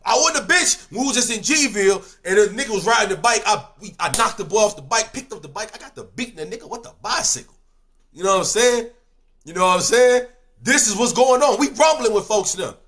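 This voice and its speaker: A young man telling a street story in casual slang, swinging between loud outbursts and low mumbles. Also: expressive, fairly quick.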